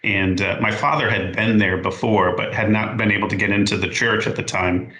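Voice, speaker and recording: A man in his forties with a low, bright, forceful voice tells a casual story as a podcast guest. He talks in a halting, unhurried way and often stops to correct himself. The room gives his voice a noticeable echo. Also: steady tone.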